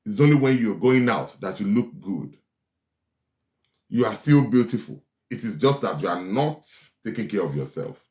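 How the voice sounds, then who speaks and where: A man giving forceful relationship advice, often repeating his lines for stress. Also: fairly low pitch, lively intonation, normal speed. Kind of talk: preachy advice talk. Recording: echoey room.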